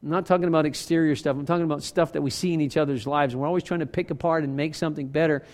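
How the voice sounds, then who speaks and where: A man preaching a sermon as worship leader, conversational and animated, acting out quotes from everyday life. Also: on the high side, rapid-fire, big-room sound. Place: church sanctuary.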